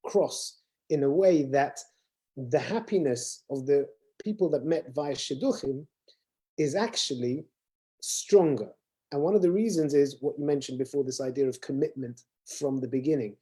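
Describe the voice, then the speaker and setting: A man's voice: a little high, normal speed, dark tone, slightly rough. A man, a rabbi, explaining ideas earnestly in a casual conversation.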